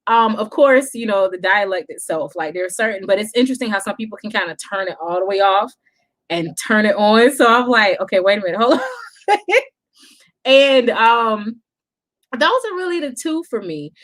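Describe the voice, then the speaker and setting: A woman's voice: mid-range voice, lively intonation, normal speed, fairly bright tone. A woman from South Carolina, a guest telling stories in a casual chat and laughing often.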